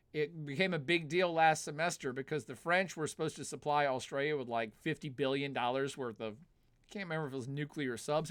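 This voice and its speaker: Middle-aged man, live stream host, slightly high voice, animated chatty political rant, laughs between points. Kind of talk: casual political commentary.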